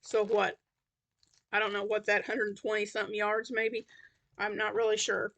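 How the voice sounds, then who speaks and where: A woman's voice: medium pitch, completely flat delivery, moderate pace, gravelly, fairly bright tone. A woman chatting casually on her crochet vlog, rambling with lots of fillers and restarts, sounding tired. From Tennessee. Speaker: crochet vlogger. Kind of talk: casual chat.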